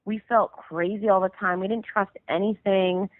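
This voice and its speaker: A woman in her thirties, a musician guest, uses a mid-range, steady voice at a moderate pace to tell a long phone story. She rambles casually and leans on "like" and other fillers. The tinny phone audio is dry.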